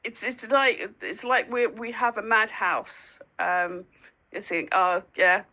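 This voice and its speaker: A woman guest in a casual interview, telling lively stories with lots of laughter and squeaky acted-out asides. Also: slow pace, low-quality recording. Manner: giggly storyteller, acts out lines in a high squeaky voice. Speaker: guest, dog owner and foster carer.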